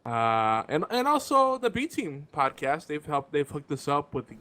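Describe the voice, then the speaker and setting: A man's voice: fairly high pitch, big pitch swings, a little slow, sharp tone. A man hosting a gaming podcast, moving the show along in a laid-back, chatty way. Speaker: podcast host.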